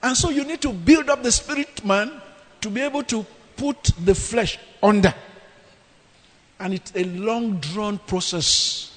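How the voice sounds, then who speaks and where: A man's voice: high-pitched, measured pace. A man preaching a sermon, emphatic and dramatic in his scripture reading. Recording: long reverb of a hall.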